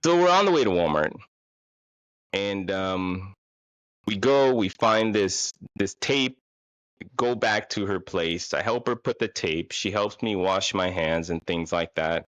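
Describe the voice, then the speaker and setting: A man's voice: sits low, lively intonation, a little slow, fairly bright tone, dry recording. A man telling a casual, rambling, self-deprecating story about a bad date, full of fillers and restarts.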